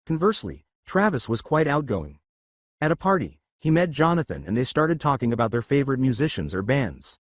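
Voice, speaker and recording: A man reading fan fiction aloud with a steady storytelling manner. His pitch moves in a lively way. The recording is dry and close. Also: a little fast, no echo. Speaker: narrator.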